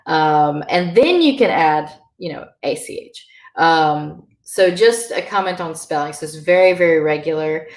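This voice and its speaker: A woman's voice: sits low, lively intonation, unhurried, darkish tone, reverberant. A woman teaching a beginner Irish language lesson, explaining pronunciation patiently with many ums and uhs.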